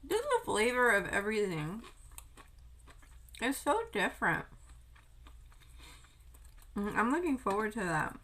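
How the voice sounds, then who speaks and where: A woman's voice: medium pitch, big pitch swings, a little slow, long pauses, fairly bright tone, rough recording. A young woman chatting casually while eating on camera, telling a travel story and swearing now and then. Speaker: vlogger. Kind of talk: casual mukbang chat.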